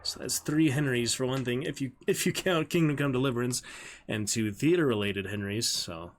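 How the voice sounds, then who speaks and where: A man's voice: mid-range voice, normal speed. A man streaming casually as he learns his stage lines, thinking aloud and repeating the script again and again. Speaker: streamer and community theater actor.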